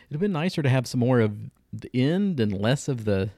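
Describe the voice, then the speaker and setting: A man's voice: medium pitch, sing-song, a little fast, dark tone, dry recording. A man co-hosting a podcast, casually reviewing shows in a laid-back way and giving dry verdicts. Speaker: podcast co-host.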